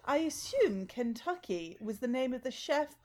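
A woman's voice: sits high, big pitch swings, normal speed, a little mellow. A woman playing a snobbish, condescending posh woman in a comedy sketch, with a plummy, affected delivery. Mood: smug.

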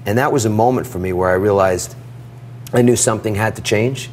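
Animated storytelling man, low voice. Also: fairly quick, a little hiss or hum. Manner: animated storyteller, acts out dialogue. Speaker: guest. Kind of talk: storytelling interview.

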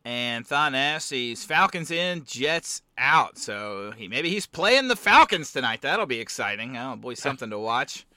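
Bright, clear-voiced joking male host. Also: medium pitch, very animated, unhurried, hardly any pauses, no echo. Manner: joking, wry, rambling. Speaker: podcast host. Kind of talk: casual fantasy football chat.

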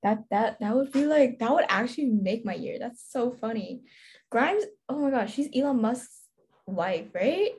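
Teen girl, higher voice, giggly, chatty, lots of fillers; casual panel chat. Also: lively intonation, moderate pace, darkish tone. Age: teens.

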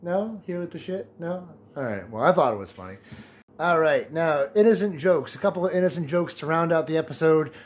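A man's voice: on the high side, lively intonation, brisk. A man in his late twenties hosting a casual solo podcast, telling jokes and laughing at his own punchlines. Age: 20s. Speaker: podcast host.

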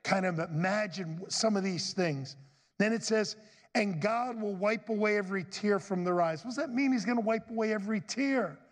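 A man's voice: high-pitched, normal speed, long reverb tail. A middle-aged man preaching a sermon as pastor, folksy and chatty, calling out to the congregation for amens. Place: church sanctuary.

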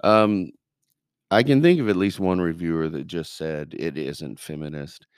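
Man co-host, very low smooth voice, measured and hesitant delivery. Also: no echo, studio quality. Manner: measured, hesitant, many fillers. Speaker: podcast co-host. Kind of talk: casual discussion.

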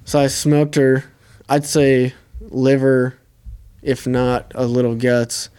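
A young man co-hosting a podcast tells a hunting story in a loose, easygoing way, swearing often. His voice is smooth and clear, in a middle pitch. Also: slow pace. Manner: relaxed, profane storytelling. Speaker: podcast co-host. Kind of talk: casual hunting story chat.

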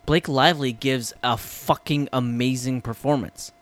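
A man co-hosting a podcast in casual chat, enthusiastic, swearing freely and trailing off as he gets excited. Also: medium pitch, moderate pace. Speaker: podcast co-host.

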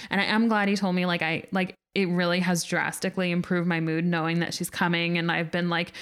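A woman's voice: on the low side, little pitch movement, brisk, hardly any pauses, a bit bright, clean tone. A young adult woman co-hosting a podcast, telling a personal story in casual chat, full of "like" fillers. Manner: chatty storytelling, lots of "like". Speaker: podcast co-host.

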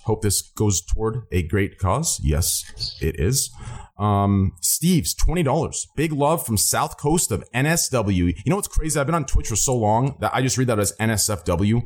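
A man's voice: lowish voice, a little mellow. A man hosting a charity live stream, reading out donations in a hyped, joking way and swearing freely.

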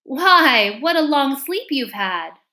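A woman voicing a gentle, affectionate older sister in a storybook reading. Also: sits high, sing-song, slow pace, voice pushed up, exaggerated voice. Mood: tender. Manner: tender, coaxing.

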